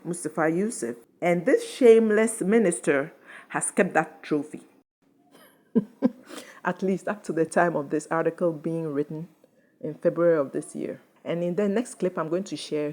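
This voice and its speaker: A woman's voice: low voice, a little mellow. Indignant woman commentator. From Ghana. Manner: indignant, emphatic. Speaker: commentary channel host. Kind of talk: impassioned commentary.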